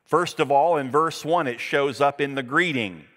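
A man's voice: on the high side, moderate pace, fairly bright tone. Earnest male pastor preaching in a hall. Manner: earnest, emphatic preaching with scripture readings. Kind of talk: sermon.

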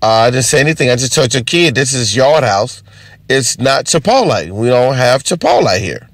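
A man voicing a calm waitress who politely explains herself. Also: medium pitch, moderate pace, no room sound. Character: patient restaurant waitress, calm woman.

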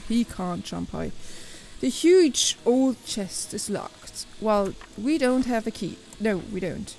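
A young woman hosting a let's play, reacting excitably, exclaiming and talking back to the game as she plays. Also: mid-range voice, slow, vocal fry, soft background music, low-quality recording. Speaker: gaming channel host.

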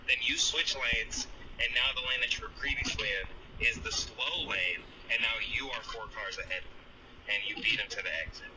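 A man records a relaxed voice memo on his phone from inside a car. He sits well back from the mic, and road and engine noise run clearly under his voice. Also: medium pitch, far from the mic. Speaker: podcast co-host. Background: vehicle noise.

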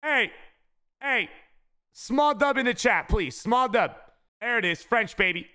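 Male gaming streamer, high bright voice, lively pitch, says bro a lot, shouts at big pulls. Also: measured pace. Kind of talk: casual live-stream commentary.

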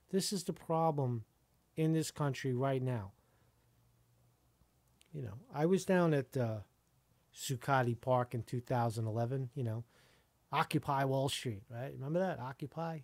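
A man's voice: fairly high pitch, darkish tone, dry recording. A middle-aged American man, a YouTube reporter, ranting angrily to the camera and tagging his points with "right?". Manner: angry, rhetorical, repeats "right?".

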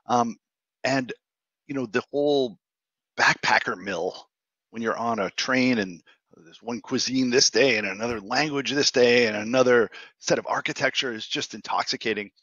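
A man's voice: medium pitch, normal speed, fairly bright tone, dry recording, muffled recording. A man in his fifties with a Boston accent, a guest telling stories with jokes and punchlines. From greater Boston, USA. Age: 50s. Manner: jokey storyteller with punchlines. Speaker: guest entrepreneur. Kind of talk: casual interview chat.

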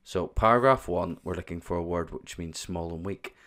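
Low voiced guy talking thru exam revision problems step by step. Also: normal speed, fairly bright tone. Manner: step-by-step explaining. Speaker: teacher.

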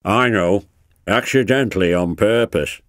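A man voicing a stern, brisk male railway boss. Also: on the low side, dry recording, clean studio sound, lightly acted.

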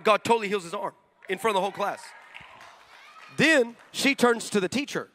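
High, bright-voiced preacher man. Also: a little fast. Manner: energetic storytelling, bursts into shouts; acts out the people in his stories. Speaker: pastor. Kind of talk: sermon.

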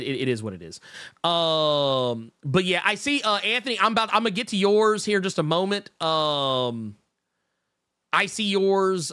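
Animated, stammering man on a podcast. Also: on the high side, clean tone, no room sound, studio quality. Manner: stammering restarts, animated, reads viewer comments. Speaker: podcast co-host. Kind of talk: casual chat.

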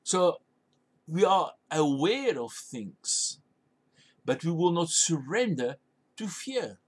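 A man's voice: a little high, sing-song, slow, husky. A man preaching a sermon as a pastor, urging listeners with emphatic, repeated commands. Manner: emphatic, repetitive exhortation.

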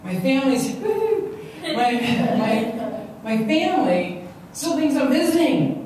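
A woman gives an animated motivational talk, often repeating herself. Her voice is mellow and sits at a middle pitch. It comes from a distance in a very echoey hall, with faint noise behind. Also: takes it slowly. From Long Island, New York. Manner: animated, repeats words, acts out quotes. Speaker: stress management speaker.

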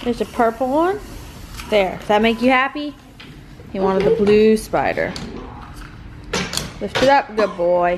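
Outdoors on a neighborhood street, a mother and vlog host chats casually to the camera in a mid-range, sing-song, unhurried voice with long pauses. She slips into a sing-song baby voice with her kids and puppies, against a noisy background.

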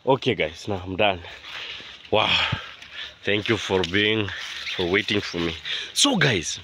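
A man vlogging outdoors on his rural land, talking to viewers in an animated, indignant way and often repeating himself. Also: lowish voice, unhurried, noisy background. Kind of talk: casual vlog talk to viewers.

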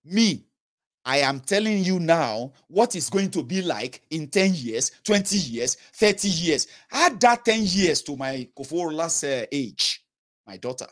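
A man's voice: on the high side, sing-song, measured pace, fairly bright tone. A man in his thirties with a Nigerian Yoruba accent, giving an earnest, pleading political monologue straight to his viewers and slipping into Pidgin. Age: 30s. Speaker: political commentator. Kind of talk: impassioned direct-to-camera monologue.

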